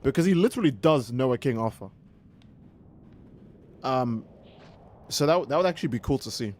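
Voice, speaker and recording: A man hosting a game livestream, chatting casually and ranting in an animated, profane, exasperated way. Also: mid-range voice, normal speed, slight background noise. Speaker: livestream gamer host.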